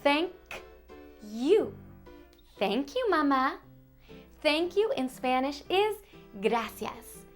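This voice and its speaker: A woman's voice: high-pitched, very animated, very slow, pauses often, faint music behind. A woman teaching toddlers Spanish words in a bilingual lesson, sounding out each syllable with exaggerated care. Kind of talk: bilingual toddler lesson, slow and sing-song.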